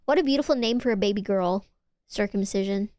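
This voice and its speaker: A young woman streamer in casual chat, reading messages aloud and teasing her viewers, swearing and getting excitable. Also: mid-range voice, a little fast, dry recording.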